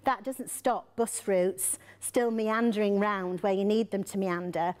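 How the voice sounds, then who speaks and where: A woman's voice: medium pitch, steady tone, unhurried, a little mellow. Chatty woman. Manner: chatty, many ums and restarts. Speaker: presenter at a business meeting. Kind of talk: informal presentation to local businesses.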